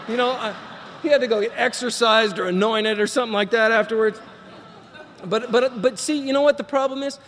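A high, fairly bright male voice, with a long reverb tail and a bit of hiss or hum behind it. The middle-aged Texan is giving a personal recovery talk to a group, rambling along, impersonating what others said, and laughing at himself.

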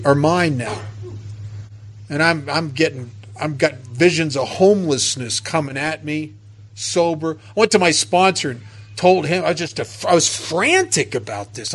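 A man with a fairly high voice tells his recovery story as a personal testimony. He stumbles and repeats words as he restarts his sentences, and drops in wry humor along the way. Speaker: speaker sharing a recovery story.

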